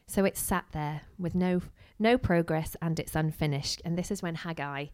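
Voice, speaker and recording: A woman's voice: low-pitched, normal speed. Chatty woman preaching. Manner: chatty and animated, acting out quotes with asides. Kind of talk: casual sermon.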